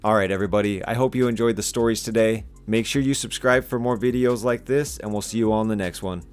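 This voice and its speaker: A man's voice: on the low side, fairly even intonation, fast, clean tone, faint music behind. A man narrating internet stories in a casual, wry tone, as the channel's regular narrator.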